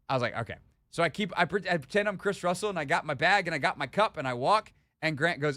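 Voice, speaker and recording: A man's voice: a little high, expressive, quick pace, pushed and bright, dry recording. A man hosting a sports radio show, telling a story in casual chat and building into mock indignation. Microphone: studio microphone.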